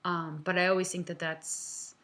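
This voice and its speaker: A woman in her thirties answers viewer questions from her home. She talks in a chatty, earnest rush with lots of fillers and small laughs, as if close to tears. Her voice sits a touch low but comes across bright and forceful. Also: little pitch movement, normal speed. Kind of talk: casual, heartfelt direct-to-camera talk.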